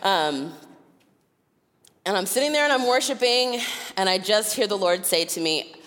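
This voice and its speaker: A woman preaching a sermon, telling personal stories with animated delivery and frequent laughter. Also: mid-range voice, moderate pace, long reverb tail. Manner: animated, acts out voices in her stories, laughs often. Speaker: guest preacher. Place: church sanctuary.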